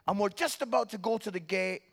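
A middle-aged Scottish man preaching with a notably high voice. He tells his story with comic timing, dropping to a hush and then rising almost to a shout. His delivery stays conversational and animated throughout. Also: a little fast, creaky. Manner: animated, swinging from hushed to near-shouting. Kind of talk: humorous sermon storytelling.

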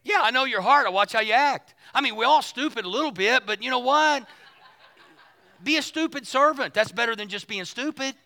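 Man, pastor, sermon, gravelly, sharp bright tone, folksy. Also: very high-pitched, animated, a little fast. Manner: folksy, joking, preaching with rising shouts.

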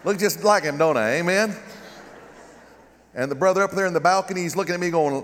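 A man's voice: high-pitched, brisk, long pauses, big-room sound. A middle-aged man with a Southern American accent, preaching a humorous sermon as a guest pastor and calling for amens. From United States. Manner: joking, animated preaching with calls of amen. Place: large church with balcony.

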